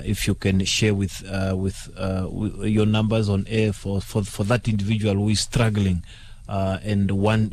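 Halting low-voiced male radio host. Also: a little mellow. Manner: halting, many fillers and repeated words. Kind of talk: late-night radio talk show hosting.

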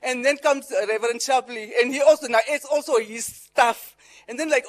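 A middle-aged Namibian woman, with Herero and Afrikaans coloring her English, gives a farewell speech after a long career in broadcasting. She talks in a lively way, with laughing asides and words she repeats. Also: high voice, normal speed. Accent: Namibian English, Herero and Afrikaans influenced. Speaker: veteran broadcaster and pageant director.

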